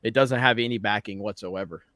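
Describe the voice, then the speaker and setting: A man's voice: lowish voice, fairly quick, fairly bright tone, no room sound, clean studio sound. Rambling, laughing male podcast host. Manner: laughing, rambling, lots of filler words. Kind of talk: casual podcast chat.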